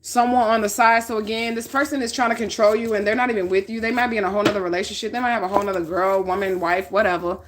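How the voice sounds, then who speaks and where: A woman's voice: mid-range voice, fairly even intonation, rapid-fire, few pauses, slight background noise. Lady reading tarot cards, talks blunt and swears a lot, mid-height voice, says okay all the time. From northern United States. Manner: blunt, profane, checks in with 'okay?'. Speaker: tarot reader. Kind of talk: casual spiritual reading.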